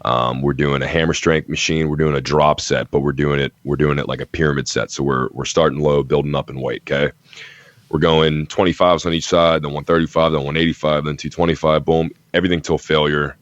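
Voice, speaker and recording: Brash profane podcast host, very deep voice, dry slightly dull mic. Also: male voice, little pitch movement, fairly quick, no echo. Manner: brash, profane, boastful storytelling. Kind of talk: casual chat, storytelling.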